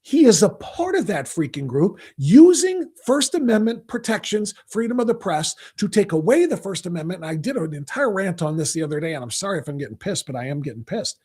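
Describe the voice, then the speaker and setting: Angry husky-voiced male talk host. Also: high-pitched, big pitch swings, a little fast, few pauses, darkish tone. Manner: angry, combative, sarcastic. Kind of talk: political commentary rant.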